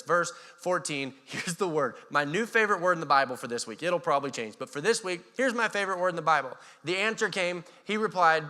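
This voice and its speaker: A man with an American accent preaching a sermon as pastor, animated and acting out voices with a touch of sarcasm. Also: a little high, fast talker, hardly any pauses. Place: church hall. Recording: church hall reverb.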